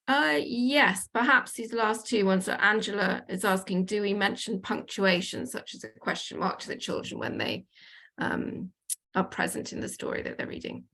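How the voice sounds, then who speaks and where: A woman's voice: medium pitch, lively intonation, moderate pace, creaky, pushed and bright, low-quality recording. A woman moderating the chat, relaying questions hesitantly.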